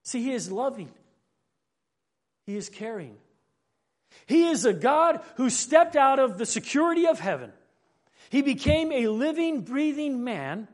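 A man's voice: very high voice, very animated, measured pace, long pauses. A man preaching a sermon in an earnest way, often repeating words as he gathers his thoughts. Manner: earnest, building and falling in emphasis; repeats words when thinking.

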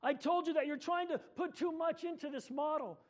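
A cautious angel questions everything, skeptical and careful, as a man reads it aloud. The voice runs very high for a man, told like a storybook. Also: moderate pace.

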